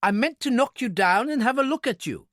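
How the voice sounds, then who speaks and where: A man voicing a proud, wary little island man who speaks clear, precise English with an indignant, suspicious manner. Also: high voice, expressive, moderate pace, no echo, studio quality, voice pushed up.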